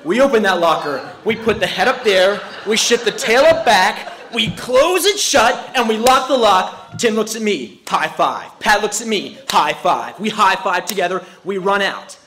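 Breathless, bright-voiced man telling a story. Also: sits high, measured pace, few pauses. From New Jersey. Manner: animated, laughing through the telling. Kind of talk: live storytelling. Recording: echoey room.

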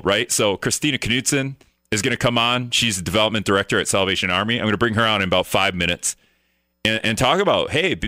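Bright, rambling male radio host. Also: fairly low pitch, no room sound, clean studio sound. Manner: rambling, self-correcting, joking sarcastically. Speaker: radio talk show host. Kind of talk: casual solo radio talk.

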